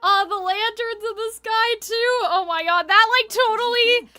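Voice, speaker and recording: A woman's voice: very high voice, steady tone, moderate pace, pushed and bright. A young woman streamer reacting emotionally to a game, gushing with lots of fillers. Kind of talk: casual live reaction commentary. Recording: game audio playing behind.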